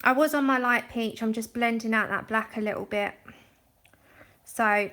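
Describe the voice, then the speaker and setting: A woman's voice: on the high side, a little slow, pushed and bright. Chatty woman hosting a livestream. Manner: chatty, explains steps to viewers and thanks them by name. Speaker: livestream art host. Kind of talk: casual chat while demonstrating colouring.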